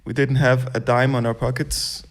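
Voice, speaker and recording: A young man, a guest on a casual podcast, who tells his stories in a relaxed way and swears offhandedly. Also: medium pitch, moderate pace.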